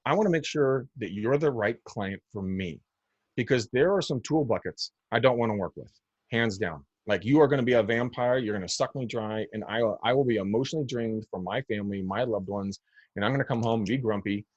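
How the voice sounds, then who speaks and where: An American man appears as a guest on a podcast interview, where he works as a real estate agent. His voice sits on the low side and moves fairly quickly, with a slightly rough edge, and the recording is muffled but has no room sound. He comes across blunt, emphatic and snarky, often repeating words.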